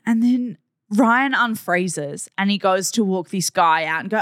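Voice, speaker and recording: A woman, co-hosting a casual chat and telling a story in an animated, swearing-laced way. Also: mid-range voice, normal speed, no room sound, clean studio sound. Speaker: podcast co-host.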